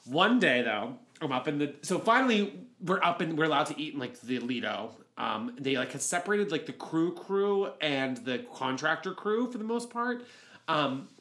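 A man co-hosting a podcast, telling a story in casual chat, laughing often and jumping into high quoted voices. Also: sing-song, moderate pace, a bit bright. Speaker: podcast co-host.

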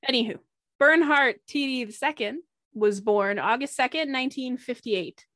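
A woman's voice: high voice, moderate pace, a bit bright, no room sound, studio quality. A woman co-hosting a casual podcast, presenting her topic in a chatty, blunt way with swearing and asides.

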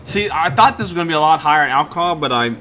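A man's voice: on the high side, very fast, a little hiss or hum. Guy hosting a beer tasting, bouncy voice, laughs a lot. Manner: laughs often, lively. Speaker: home brewer, beer tasting host. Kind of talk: casual chat.

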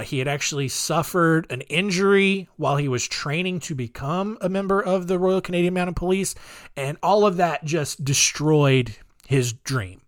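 Lively young man telling crime stories. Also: a little high, no echo, clean studio sound. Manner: loose and joking, many ums and asides. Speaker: podcast host. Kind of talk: casual true-crime storytelling.

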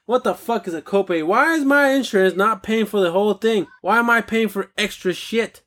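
A young American man delivering a profane solo rant on his show, swinging into loud, animated outbursts. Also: high-pitched, fairly quick. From United States. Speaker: podcast host.

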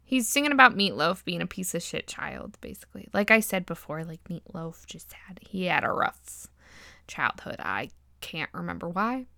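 A woman's voice: fairly low pitch, big pitch swings, normal speed, creaky, bright, forceful tone, dry recording, studio quality. A woman hosting a podcast, casually recapping a movie in a rambling, profane, giggly way.

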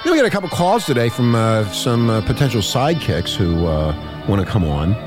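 A man's voice: medium pitch, very animated, brisk, music in the background. A man hosting a casual podcast, crude and swearing often while he reads news and jokes. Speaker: podcast host.

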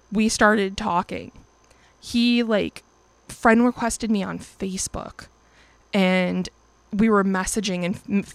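A woman's voice: mid-range voice, creaky, no room sound. A young woman in her twenties casually telling a personal story as host, chatty and profane, acting out quoted lines in livelier voices. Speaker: podcast or vlog host.

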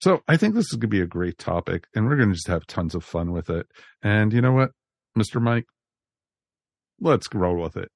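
A man with a low, gravelly voice hosts a podcast in a casual, jokey and upbeat way, with plenty of "you know" fillers. He is recorded close and dry on a studio mic. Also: big pitch swings, fairly quick, dry recording. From New Jersey. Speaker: podcast host.

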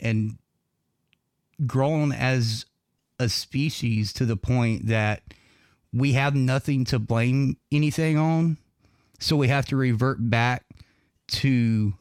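A man's voice: mid-range voice, a little mellow, dry recording, studio quality. A man with a Southern US accent hosting a podcast, talking in a rambling, casual way with lots of fillers and laughs. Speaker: podcast host.

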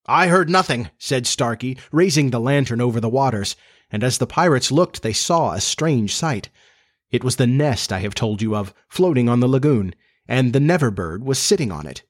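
A man narrating a children's storybook in a steady, measured reading voice. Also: mid-range voice.

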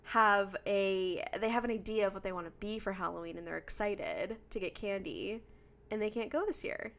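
A young adult woman co-hosting a casual chat podcast, chatty and quick to laugh. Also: mid-range voice, vocal fry, a bit bright. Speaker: podcast co-host.

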